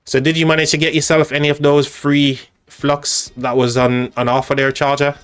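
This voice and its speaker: A man's voice: fairly high pitch, level tone, a bit bright, smooth. Chatty English-accented man streaming. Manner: chatty, halting, with frequent restarts. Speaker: live stream host. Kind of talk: casual live-stream commentary.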